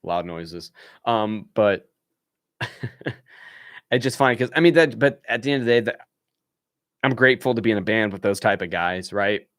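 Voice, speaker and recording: Animated young man telling a story. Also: on the low side, moderate pace, long pauses, no room sound, studio quality. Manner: animated, laughs often, acts out what people said. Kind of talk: casual storytelling on a live stream.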